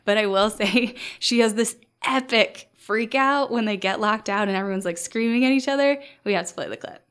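A woman's voice: on the high side, normal speed, fairly bright tone, smooth. A woman podcast host recapping a sitcom episode in casual, chatty talk full of fillers. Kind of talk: casual chat.

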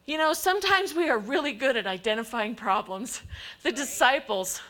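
A woman's voice: fairly high pitch, animated, moderate pace, a bit bright. A woman preaching a sermon to her congregation, emphatic and acting out the voices of God and worried people.

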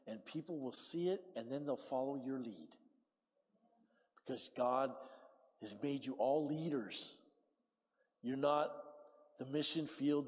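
A man preaching a sermon in a church, emphatic and calling for amens, rising to shouts and dropping to hushed appeals. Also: medium pitch. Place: church sanctuary. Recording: long hall reverb.

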